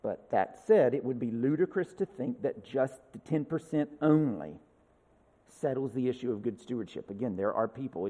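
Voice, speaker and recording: A man's voice: mid-range voice, animated, moderate pace, warm tone, long reverb tail. A male pastor preaching a sermon in a conversational way, with asides and rhetorical questions.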